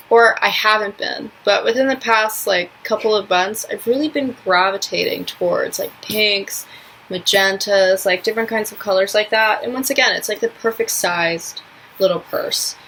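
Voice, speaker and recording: Bright-voiced rambling young woman vlogger. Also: medium pitch, normal speed, slight background noise, rough recording. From New York, US. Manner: rambling, heavy on filler words. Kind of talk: casual vlog chat.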